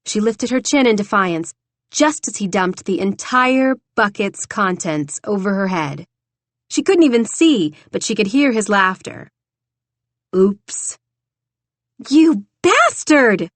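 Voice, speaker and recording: A woman reads romance fiction as an audiobook narrator, with a steady, even storytelling manner. Her voice sits mid-range, and the studio sound is close and dry. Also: mid-range voice, unhurried, dry recording.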